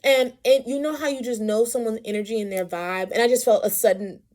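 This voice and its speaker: A woman, a mother and vlogger, telling a story in a chatty, animated way with lots of asides. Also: fairly high pitch, fairly quick. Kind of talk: casual storytelling.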